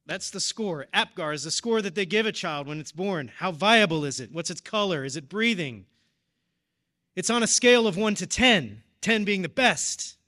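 A man's voice: high voice, lively intonation, moderate pace, sharp tone. A man in his thirties preaching, telling a personal story in an earnest, emotional way. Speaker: deacon or preacher at a parish. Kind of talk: personal testimony in a sermon.

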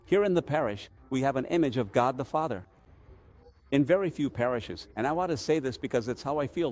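A man as a parish priest at mid pitch, earnest and emphatic, teaching from the front. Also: expressive, a little fast, darkish tone. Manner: earnest, emphatic, asks rhetorical questions.

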